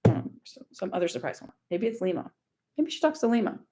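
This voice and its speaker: A woman's voice: medium pitch, big pitch swings, quick pace, mellow. A woman from Louisiana reading screenshots aloud in a casual vlog, blunt, sarcastic and profane. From Louisiana, USA. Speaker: online commentator.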